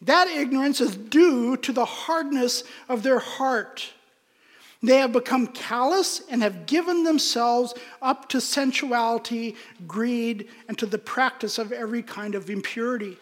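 High-voiced man preaching in a reverberant hall. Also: a little slow. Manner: earnest, emphatic preaching. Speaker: pastor. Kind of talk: sermon.

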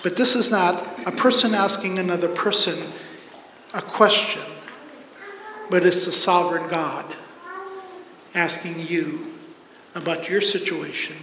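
With a high, steady voice, a pastor preaches earnestly at a measured pace, pausing often and acting out God's and the prophet's voices from scripture. The hall echoes and the background is noisy.

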